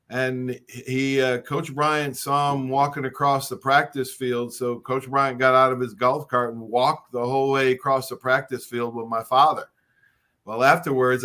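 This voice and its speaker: A man's voice: medium pitch, sharp tone. A man hosting a casual group conversation, telling stories with frequent restarts and stammers. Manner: stammering, storytelling. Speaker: host.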